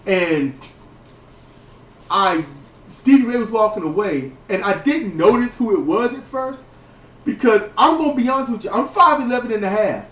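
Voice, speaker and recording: A man hosting a casual wrestling podcast, telling stories in a lively way, with frequent swearing and restarted sentences. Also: sits high, moderate pace. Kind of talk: casual commentary chat. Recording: roomy, distant mic.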